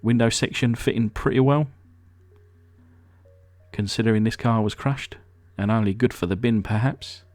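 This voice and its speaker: A man's voice: medium pitch, moderate pace, pauses often, darkish tone, faint music behind. A man from England hosting a casual hobby vlog, chatty and rambling, with lots of ums and uhs. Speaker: diecast restoration channel host.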